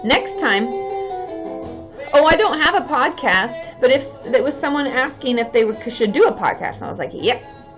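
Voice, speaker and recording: Bubbly high-voiced woman chatting on a live stream. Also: expressive, normal speed, fairly bright tone. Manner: bubbly, chatty, cheers often. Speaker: therapist hosting a live stream. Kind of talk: casual live-stream chat with viewers. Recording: slightly dull sound with faint music behind.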